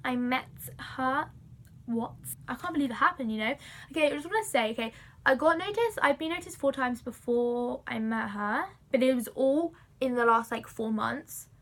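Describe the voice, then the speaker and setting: A young woman excitedly telling a story to camera, gushing and full of fillers. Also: sits high, normal speed. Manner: breathless, gushing, many fillers like "like". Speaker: vlogger.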